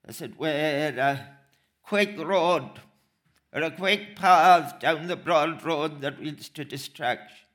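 A man preaching a sermon, slow and emphatic, repeating phrases for weight. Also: fairly high pitch, fairly bright tone.

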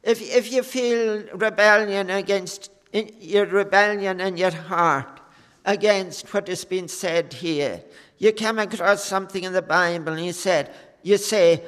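Man preaching slow n earnest, high voice, lots of uh pauses, echoey hall. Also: a bit bright, clean tone. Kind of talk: sermon.

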